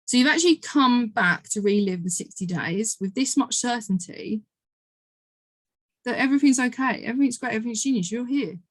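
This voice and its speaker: A woman's voice: a little high, expressive, brisk, no echo. A woman giving a motivational coaching talk, emphatic and repetitive, who swears freely. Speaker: manifestation coach.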